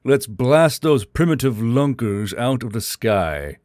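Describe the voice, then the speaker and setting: A man voices an arrogant, aggressive alien admiral in a sci-fi audiobook, taunting his foe and barking battle orders. The voice is dry and close, at an ordinary pitch. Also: big pitch swings, takes it slowly, darkish tone, no room sound. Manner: taunting, commanding.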